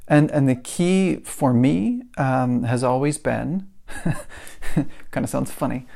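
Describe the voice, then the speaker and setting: A man's voice: medium pitch, slow, creaky, warm tone. A man hosting his own podcast, talking casually and rambling a little, often restarting his sentences as he talks through examples from his desk. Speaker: podcast host. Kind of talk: casual solo podcast talk.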